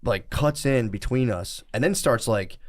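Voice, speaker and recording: A man's voice: medium pitch, a little slow. A man, telling a rambling, profane story in casual podcast chat. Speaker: podcast co-host.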